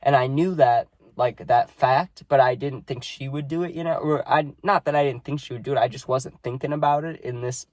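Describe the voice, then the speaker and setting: A sad, subdued man rambles casually to his viewers with lots of fillers. His voice sits in a middle pitch. The sound is dry and close, with no room echo. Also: fairly even intonation, a little fast, few pauses, a little mellow. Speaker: vlogger. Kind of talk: casual vlog talk.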